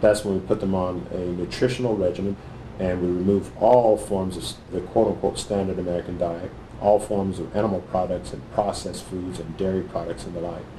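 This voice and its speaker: A man, a cardiologist, answering interview questions in a measured, thoughtful way with frequent pauses and fillers. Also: low-pitched, steady tone, echoey room, noisy background.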